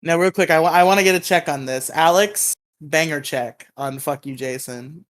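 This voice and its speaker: A man's voice: a little high, moderate pace, a bit bright. A man co-hosting a podcast in casual chat over a voice call, rambling and self-deprecating, laughing often. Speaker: podcast co-host.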